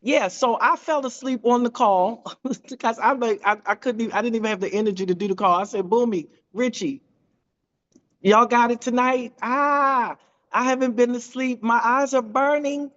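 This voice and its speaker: A woman telling an animated testimony on a video call, acting out quoted voices with big jumps in pitch. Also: moderate pace, highs cut off. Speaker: team member sharing a testimony.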